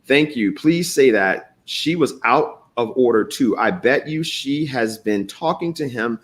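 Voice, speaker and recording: Animated man hosting a morning talk show. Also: mid-range voice, measured pace. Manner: animated storyteller, swears freely, reads comments aloud. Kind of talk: live show commentary reading viewer comments.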